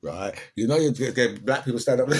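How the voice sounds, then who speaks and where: A man's voice: medium pitch, gravelly, background noise. A man from the UK with a British accent, delivering an impassioned opinion monologue and often asking "right?" to his listeners. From United Kingdom.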